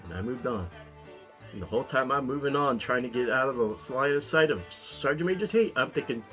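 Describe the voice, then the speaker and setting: A man's voice: medium pitch, animated, a little fast, fairly bright tone, faint music behind. A man from Ohio, an army veteran, telling a story in a casual, wry way and chuckling at himself. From Ohio, USA. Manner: wry, dry, chuckling at his own story. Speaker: pipe-smoking vlogger, army veteran.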